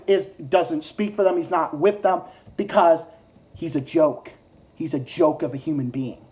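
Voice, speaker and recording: Heated American male vlogger, profane political rant, repetitive. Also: high-pitched. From United States. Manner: heated, profane, repeats insults over and over. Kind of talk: angry ranting monologue.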